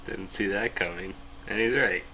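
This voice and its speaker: A man's voice: deep voice, moderate pace, sharp tone, a little hiss or hum, poor audio. A man co-hosting a casual podcast chat, making short, laid-back, wry remarks. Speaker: podcast co-host.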